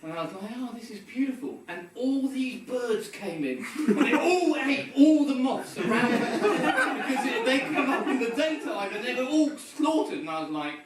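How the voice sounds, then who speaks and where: A man's voice: extremely high pitch, lively intonation, normal speed, hardly any pauses, a loud crowd. A man doing stand-up at an open mic, telling a rambling, self-deprecating story. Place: pub comedy room. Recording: echoey room from far off, loud background noise. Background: audience laughter.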